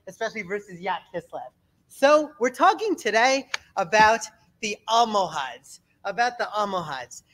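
Energetic male rabbi lecturer, animated, repeats for emphasis. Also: very high-pitched. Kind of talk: lecture with slides.

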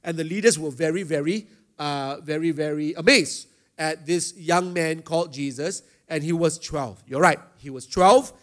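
Middle-aged pastor, slightly raised pitch, gives a youth chapel lesson with lots of "uh" pauses. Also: male voice, a bit bright. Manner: talks to a live student audience, asks them questions; frequent hesitation fillers. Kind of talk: teaching a youth chapel talk.

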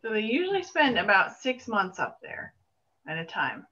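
A woman's voice: mid-range voice, huge pitch swings, moderate pace, bright, forceful tone. A woman co-presenting a remote classroom lesson, answering questions in a friendly, explanatory way over a video call. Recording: muffled video call audio.

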